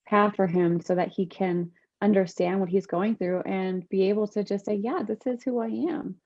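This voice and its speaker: A woman's voice: medium pitch, fairly even intonation, normal speed, muffled recording. A woman co-hosting a podcast, speaking in an encouraging, affirming way in casual conversation. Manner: warm, encouraging. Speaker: co-host interviewer.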